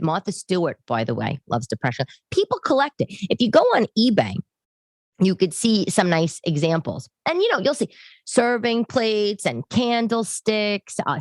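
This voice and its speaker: A woman's voice: low voice, vocal fry, no echo. A woman in her forties with a New York accent, a comedian hosting a podcast from her living room, rambling on in a chatty monologue full of asides.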